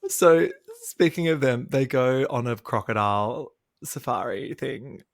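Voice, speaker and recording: Gravelly man, catty recap. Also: medium pitch, expressive, measured pace, dry recording, clean studio sound. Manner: chatty, catty recapping with frequent laughs. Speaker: podcast co-host. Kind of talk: casual chat.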